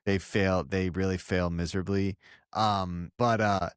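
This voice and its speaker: A man co-hosting a podcast, recapping an old sitcom episode in a rambling, relaxed way. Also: low voice, measured pace, smooth, no room sound, clean studio sound. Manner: rambling, relaxed storytelling with fillers. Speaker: podcast co-host. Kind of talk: casual recap chat.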